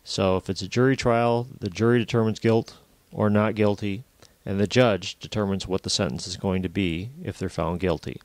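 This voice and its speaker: A man with a lowish voice delivers a recorded university lecture, explaining things plainly and patiently with the odd "uh" and "um". The sound is close and dry, with no room around it. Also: steady tone, normal speed, no room sound. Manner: plain explanatory, with frequent fillers.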